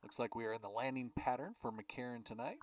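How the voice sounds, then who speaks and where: A man calls a baseball game pitch by pitch in an easygoing, chatty way, filling the gaps between pitches with schedule notes and small remarks. His voice sits at an ordinary middle pitch for a man. The mic picks him up from a little way off. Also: fast talker, far from the mic, very noisy. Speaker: play-by-play announcer. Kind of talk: baseball play-by-play commentary.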